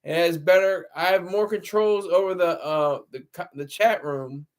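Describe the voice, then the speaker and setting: Speaking at a normal speed in a high register, this livestream host chats casually into a laptop camera mic. He wanders from topic to topic, laughs a lot, and replies to viewers in his chat.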